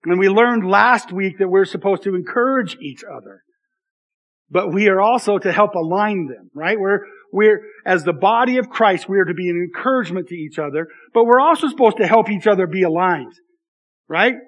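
A man's voice: sits high, normal speed, fairly bright tone, dull audio. A man in his thirties, a pastor giving a conversational, self-deprecating sermon with frequent asides to the congregation.

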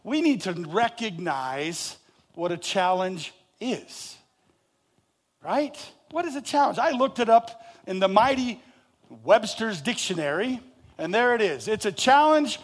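A man preaching a sermon, animated and jokey, acting out people's reactions and asking his congregation questions. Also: high-pitched, unhurried. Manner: animated, acts out reactions with rising and falling loudness. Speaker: pastor.

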